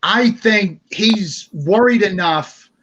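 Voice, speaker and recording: Tabletop player guy, kinda high voice, stammers a lot. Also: expressive, slow pace, a bit bright, husky, muffled recording. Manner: stammering, half in character. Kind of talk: playing a character in a tabletop game.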